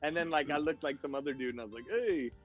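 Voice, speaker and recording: A man, a guest on a podcast, telling stories in a casual, animated way and acting out the voices of other people. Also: fairly high pitch, racing, soft background music. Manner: animated storyteller, acts out voices in quotes. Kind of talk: casual storytelling chat.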